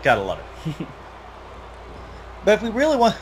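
A man's voice: sits high, wildly swooping pitch, moderate pace, slight background noise. Rambling, opinionated young man commentating. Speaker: wrestling commentator. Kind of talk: casual video game commentary.

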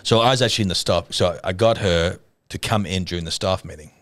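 An older Australian man with a very deep voice tells a rambling, funny story at an easy pace, and he often breaks into laughter. The sound is dry and close, with almost no room in it. He is a pastor co-hosting a casual chat show. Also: fast, a bit bright, no echo.

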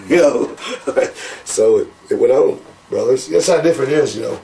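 A man's voice: mid-range voice, moderate pace, recorded from a distance, slight background noise, low-quality recording. An older man, telling profane wrestling stories in a casual interview and calling people brother. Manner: profane, animated, calls people brother, laughs often. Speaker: interview guest, former wrestler.

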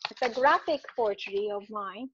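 A woman poet with a Japanese accent reading her poems aloud, measured and a little self-deprecating. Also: medium pitch, fairly bright tone, lo-fi sound, slight background noise. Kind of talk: poetry reading.

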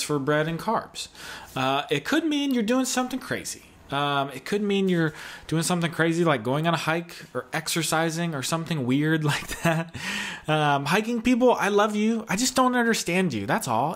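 A man's voice: mid-range voice, fairly bright tone. A man in his thirties from the American South, giving a casual, joking video sermon as a guest pastor. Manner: jokey, chatty, self-deprecating.

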